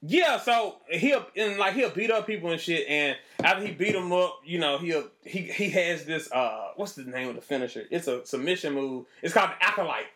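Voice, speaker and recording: A man talking in a casual podcast chat, an animated storyteller who laughs often. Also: a little high, normal speed, hardly any pauses. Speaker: podcast co-host.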